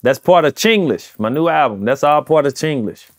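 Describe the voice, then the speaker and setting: A man's voice: fairly high pitch, animated, normal speed. A man with a St. Louis accent, talking as a rapper guest in a casual interview, emphatic and repeating himself, with loose slang. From St. Louis, USA.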